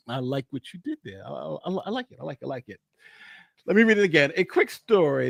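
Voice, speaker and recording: A man's voice: fairly high pitch, lively intonation, fast talker, gravelly, no echo. A man co-hosting a casual live stream, boastful and rambling, often repeating himself. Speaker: co-host.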